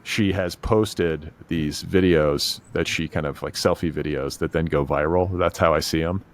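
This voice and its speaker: A man's voice: rumbling low, normal speed. A middle-aged man hosting a podcast in casual chat, blunt and wry, swearing freely. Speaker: podcast host.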